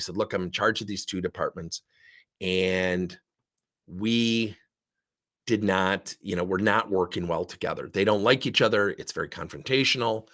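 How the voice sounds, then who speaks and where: Middle-aged guy talking fast and lively, husky voice, pitch jumping all over. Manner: fast, animated storytelling with acted-out dialogue. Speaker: speaker on leadership and coaching. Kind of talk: lively talk.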